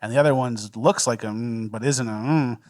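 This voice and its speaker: A man's voice: medium pitch, fairly quick, darkish tone, no echo, studio quality. A young man co-hosting a podcast, telling stories in a laid-back casual chat and laughing often. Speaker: podcast co-host.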